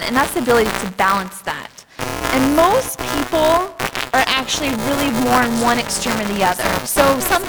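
A woman giving a sermon-style talk, telling animated stories, laughing often and acting out voices. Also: fairly high pitch, in a large hall, rough recording. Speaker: speaker.

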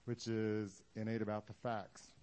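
A man's voice: fairly low pitch, level tone, measured pace, darkish tone. A man preaching a sermon in a casual, joking way, acting out the Bible scenes he talks about for the congregation. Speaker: pastor.

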